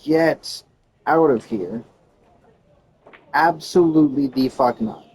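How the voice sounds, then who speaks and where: A man's voice: medium pitch, lively intonation, a little slow, a little hiss or hum. A young man streaming a game, reading its dialogue aloud and breaking off into profane, laughing reactions. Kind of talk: live gameplay commentary, reading game text aloud.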